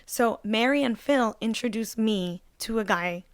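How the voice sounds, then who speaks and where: A woman's voice: a little high, measured pace, clean tone, no echo, clean studio sound. A young woman co-hosting a casual podcast, telling a story animatedly with lots of "like" fillers and acting out the voices of people in it. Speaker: podcast co-host.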